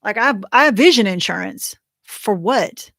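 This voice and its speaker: A woman's voice: medium pitch, expressive, normal speed, vocal fry, a bit bright, no room sound, studio quality. A middle-aged woman hosting a livestream for widows, telling a long story in a rambling, chatty way full of fillers and restarts. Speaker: host of a widows' support livestream. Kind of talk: casual livestream chat. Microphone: computer or phone mic for a livestream.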